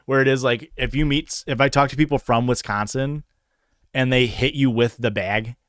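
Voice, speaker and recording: A man's voice: medium pitch, fairly even intonation, moderate pace, a bit bright, clear, resonant tone, no echo. Young male streamer, light Chicago-area accent, loose rambling talk with plenty of "like", clean resonant tone, dead-dry booth sound. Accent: Chicago-area Midwestern American. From northern Illinois, USA. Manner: rambling, lots of "like" fillers and profanity. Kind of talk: casual chat answering chat. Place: home streaming setup.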